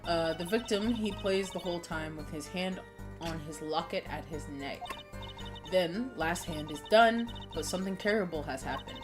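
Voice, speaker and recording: Woman reading a halting foreign waitress. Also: lowish voice, natural voice. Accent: put-on Russian, weak. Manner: halting broken English, read slowly. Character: Russian-accented female waitress witness, nervous. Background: game music.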